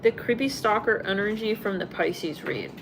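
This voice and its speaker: A woman's voice: medium pitch, expressive, moderate pace, very noisy. A young woman doing a casual live tarot reading, rambling and blunt, full of filler words and swearing. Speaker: tarot reader.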